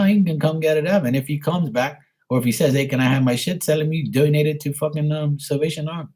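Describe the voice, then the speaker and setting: A man's voice: a little high, quick pace, hardly any pauses, darkish tone. A man hosting a casual live stream and chatting with viewers, speaking bluntly with plenty of profanity and a rambling flow.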